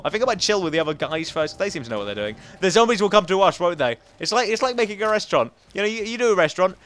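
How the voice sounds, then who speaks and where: A young man giving playful, goofy gameplay commentary, swinging between loud outbursts and muttering asides. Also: high-pitched. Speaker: gaming commentator.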